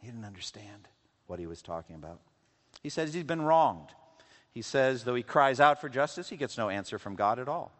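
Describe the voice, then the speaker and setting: A man preaching a sermon, swinging from loud, intense passages to hushed, quiet lows. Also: expressive, moderate pace. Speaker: pastor. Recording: long hall reverb.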